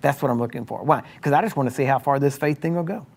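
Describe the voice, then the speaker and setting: A middle-aged man preaching in a chatty, conversational way, with a slightly higher voice than most men. He keeps prompting his listeners with rhetorical questions and calls for "Amen," and at times climbs into loud, high-pitched exhortation. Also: fast talker, gravelly, breathy edge. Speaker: pastor. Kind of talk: sermon.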